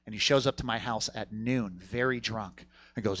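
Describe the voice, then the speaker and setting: A man's voice: mid-range voice, animated, a little fast, bright, forceful tone, no room sound. A man doing a stand-up comedy set on a theater stage, telling a rambling, crude story and working the crowd.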